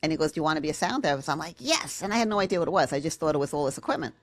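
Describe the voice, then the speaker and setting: A woman's voice: sits low, expressive, rapid-fire, no room sound. A woman speaking as a podcast guest, a sound therapist telling her story in casual conversation and acting out quotes in big voices.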